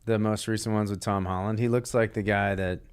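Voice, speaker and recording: A man's voice: fairly low pitch, steady tone, fairly quick, smooth. A man co-hosting a casual comedic chat, making dry, wry asides. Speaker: co-host.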